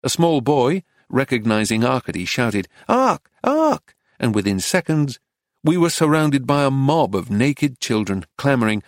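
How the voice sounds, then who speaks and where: A man reading a story aloud in measured, descriptive narration. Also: mid-range voice, no room sound, studio quality. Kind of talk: audiobook narration.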